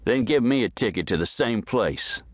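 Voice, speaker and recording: A man voicing a hate-filled male stranger in a western audiobook, who talks haltingly with a drawl. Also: medium pitch, lively intonation, no room sound, pitched above the performer's own voice, close to an everyday voice.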